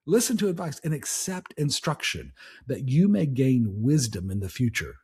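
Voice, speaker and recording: A man's voice: medium pitch, very animated, moderate pace, a little mellow, breathy edge. A man hosting a podcast, giving a casual motivational talk in a conversational way, with frequent restarts and "right?" tags. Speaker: podcast host.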